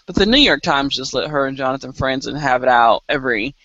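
A woman co-hosting a casual podcast chat, talking in an animated way with laughs and exasperated asides. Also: extremely low pitch, fairly quick, no room sound, highs cut off. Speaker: podcast co-host.

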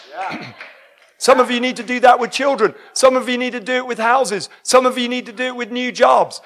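A man preaching a sermon full of stories, exuberant and breaking into shouts at high points. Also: a little fast. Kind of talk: sermon with storytelling.

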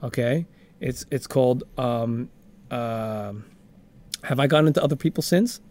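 A man's voice: mid-range voice, measured pace, a little mellow. A man co-hosting a podcast in casual chat, playful and jokey, laughing often. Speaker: podcast co-host.

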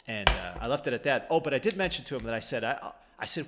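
A man's voice: mid-range voice, lively intonation, quick pace, hardly any pauses, fairly bright tone. A man in casual chat telling a rambling story with many restarts and swearing.

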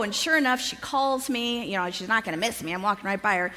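A woman in her fifties tells her personal testimony to a conference crowd, bringing the story to life by acting out what everyone said. Her voice is bright and a little high. It rings with the long reverb of a large hall. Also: fast, few pauses. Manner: lively storyteller who acts out quoted dialogue, often laughing. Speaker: conference speaker.

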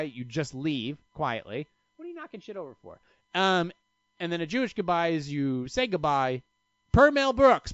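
A man's voice: a little high, no echo. A man hosting a casual solo podcast, telling rambling stories full of profanity and restarts. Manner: rambling, profane, self-interrupting storyteller. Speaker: podcast host. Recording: dry, slightly dull lo-fi sound.

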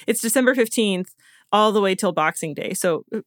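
Recorded cleanly on a podcast studio mic with no room sound, a woman with a mid-range voice tells a story brisk and animated. She co-hosts casually, frequently laughing and stumbling over names.

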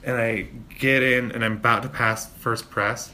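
A man in casual chat, telling a road-rage story with lots of swearing and shouted impressions of himself. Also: medium pitch, normal speed. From Spokane, Washington. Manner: animated, profane, mimics people in shouts. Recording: faint ambient noise.

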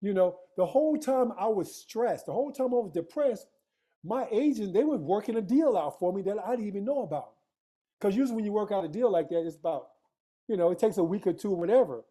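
A man's voice: sits high, expressive, fairly quick, warm tone. A man telling a personal story in casual conversation, emphatic and street-casual, full of rhetorical questions to his listener. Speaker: guest.

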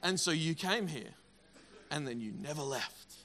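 High, bright-voiced pastor. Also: male voice, a little slow. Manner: energetic, emphatic, repeats words. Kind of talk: sermon.

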